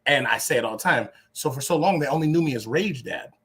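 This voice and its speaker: Husky emphatic man in a panel talk. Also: expressive, quick pace. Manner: emphatic, swings from loud to low, restarts a lot. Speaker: podcast co-host.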